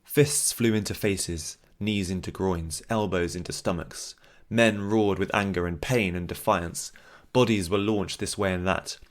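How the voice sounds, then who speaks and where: Deep-voiced male audiobook narrator. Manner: steady, measured storytelling. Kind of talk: scripted fantasy narration.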